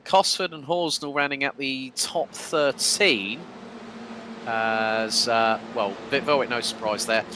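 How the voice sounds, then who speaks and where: A man commentating a sim racing broadcast, calling the action quickly with casual fillers between remarks. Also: mid-range voice, noisy background. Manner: fast, excitable play-by-play with fillers.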